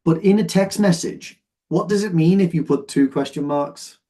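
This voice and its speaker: A man with a fairly high, warm voice teaches an online English exam lesson at a moderate pace. He explains patiently as he sorts phrases, frequently making sure his students keep up.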